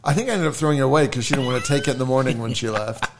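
A man's voice: mid-range voice, racing, a crowd in the background. A man in casual chat among friends, telling stories and joking. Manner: storytelling, joking.

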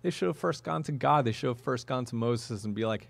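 A man's voice: mid-range voice, brisk, vocal fry, dry recording. Conversational preacher man, dry sound. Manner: conversational, chuckling asides, questions to the room. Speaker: pastor. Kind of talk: sermon.

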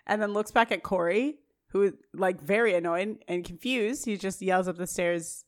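A woman's voice: mid-range voice, moderate pace. A young woman co-hosting a podcast, casually recapping an episode scene by scene and acting out the characters' lines. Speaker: podcast co-host.

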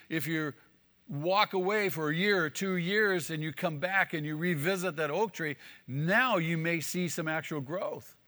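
A man's voice: high voice, sharp tone. A male pastor preaching an emphatic sermon, repeating key phrases for weight. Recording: long hall reverb.

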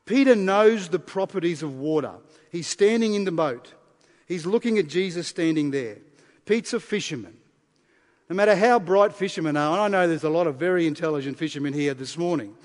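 A man preaches to his congregation in a high, bright-toned voice. He leans hard on key phrases, repeats them, and drops from loud declarations to quiet asides. Long reverb from the big room trails after each line. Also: lively intonation, normal speed. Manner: emphatic, repeats key phrases, shifts between loud and soft. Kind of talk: sermon. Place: church service. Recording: long reverb of a large hall.

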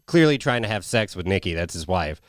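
A man co-hosting a casual movie podcast, talking in loose, profane, animated banter. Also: low voice, fairly quick, no room sound, clean studio sound. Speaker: podcast co-host.

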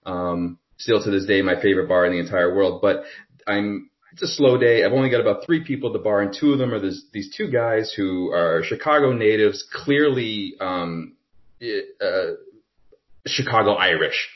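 A man hosting a podcast, chatting in a relaxed, conversational way and starting his own bar story. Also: on the low side, normal speed, dull audio. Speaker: podcast host. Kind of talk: casual chat.

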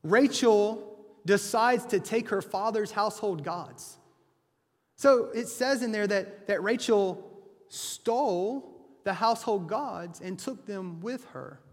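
A man's voice: sits high, slow pace, big-room sound. A man preaching a sermon, retelling a scripture story in a conversational way with frequent restarts.

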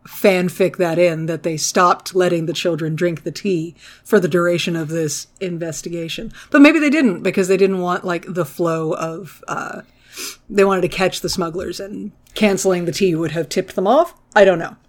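Brief: animated, profane co-host, mid-pitched, exasperated recap chatter. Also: normal speed. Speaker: podcast co-host. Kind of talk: casual recap chat.

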